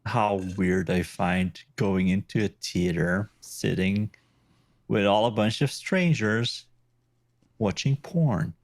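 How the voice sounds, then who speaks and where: Man, low and gravelly, animated joker on a podcast panel; dry sound. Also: slow pace, dry recording. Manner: animated, jokey, slips into silly voices. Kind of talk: casual chat.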